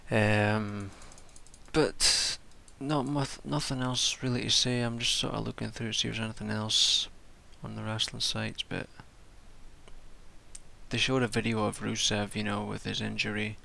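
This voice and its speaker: Tired guy rambling about wrestling, super gravelly and a bit low, swears a lot. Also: flat delivery, a little slow, bright, forceful tone. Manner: rambling, swearing, with many restarts. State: tired from staying up all night. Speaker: wrestling show reviewer. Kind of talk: casual spoken review.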